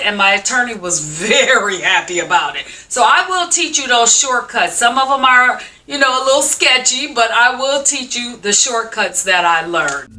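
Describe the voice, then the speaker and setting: A woman's voice: a little high, bright, forceful tone, distant mic, poor audio. A middle-aged woman hosting a show, talking frankly and emphatically to viewers and calling them sis. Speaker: show host. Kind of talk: direct-to-camera motivational talk.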